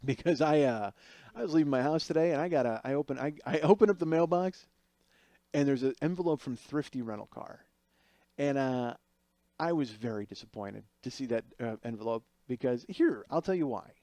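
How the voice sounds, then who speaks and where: A man's voice: medium pitch, fairly quick, mellow, dry recording. A man hosting a podcast, riffing in a rambling, sarcastic comic monologue full of restarts and asides. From Chicago area. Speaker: podcast host. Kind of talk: casual comedic monologue.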